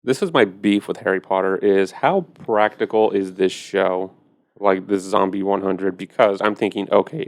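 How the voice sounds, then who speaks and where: A man's voice: on the low side, vocal fry, no echo, clean studio sound. A man co-hosting a podcast, asking skeptical questions in casual chat. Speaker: podcast co-host.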